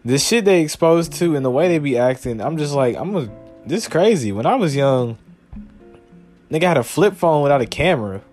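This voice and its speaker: Animated young man ranting with profanity. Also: fairly high pitch, moderate pace, soft background music. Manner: animated, swearing, mock-quoting people in a raised voice. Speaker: podcast host. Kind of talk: profane comedic rant.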